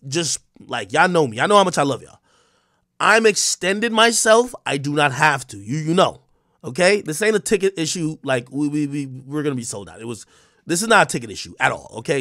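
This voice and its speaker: In clean, echo-free studio-quality audio, a young man with a fairly high, slightly bright voice rants to his livestream viewers. He's agitated, swears, and stumbles through restarts in this casual stream rant.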